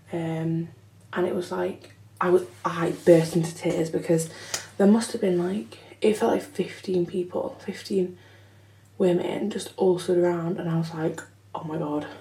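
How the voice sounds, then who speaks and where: A woman's voice: fairly low pitch, dark tone, slight background noise. A young woman telling her story in a chatty, frank vlog, swearing casually. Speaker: vlogger. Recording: echoey room, slightly far from mic.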